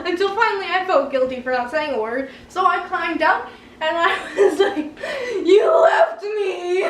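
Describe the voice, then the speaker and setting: A young woman telling a childhood story at home in an animated, dramatic way, often breaking into laughter. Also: very high voice, distant mic, slight background noise. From Canada. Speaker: vlogger. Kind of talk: story-time vlog. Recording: roomy room, a bit off mic.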